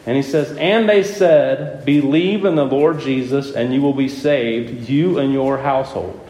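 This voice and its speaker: A man's voice: mid-range voice, unhurried, a little hiss or hum. A man preaching a sermon who keeps putting questions to his listeners and hammers his points home. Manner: lively, questioning the audience, emphatic. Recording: echoey room with faint ambience.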